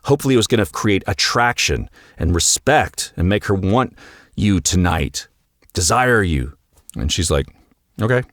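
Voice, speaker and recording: Brief: podcast host and coach, low voice, very animated delivery, direct manner. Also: male voice, no echo, studio quality. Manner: direct and coaching, often acting out dialogue. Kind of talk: solo podcast monologue.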